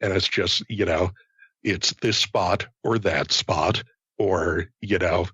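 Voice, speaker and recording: A man co-hosting a casual podcast, rambling and halting with lots of fillers and stutters. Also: sits low, pushed and bright, husky, no echo. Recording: dull lo-fi sound.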